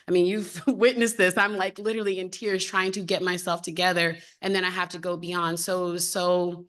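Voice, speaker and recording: Thirties female panelist, slightly low pitch, candid and open delivery. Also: flat delivery, a little fast, fairly bright tone. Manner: open, heartfelt, conversational. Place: symposium panel.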